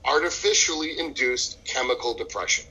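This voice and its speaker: A man's voice: mid-range voice, normal speed, slightly rough, lo-fi sound. A man co-hosting a casual podcast, telling stories with lots of swearing and acting out the voices. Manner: profane, animated storytelling with acted-out voices. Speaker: podcast co-host.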